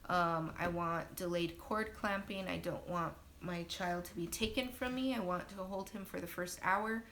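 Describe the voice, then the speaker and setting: A woman's voice: fairly even intonation, moderate pace, fairly bright tone. A young woman and new mother casually telling her birth story to viewers on a livestream, chatty and talking straight to her audience. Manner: chatty, talks to viewers directly. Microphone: phone livestream. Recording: low-quality livestream audio with faint noise.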